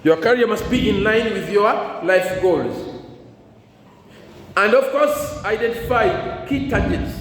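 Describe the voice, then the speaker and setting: A man's voice: high voice, expressive, slow pace, a little hiss or hum. Man quizzing students in an echoey hall. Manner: call-and-response, leaves blanks for the class to fill. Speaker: career guidance speaker. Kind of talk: addressing students at a school. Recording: echoey hall, faint ambience.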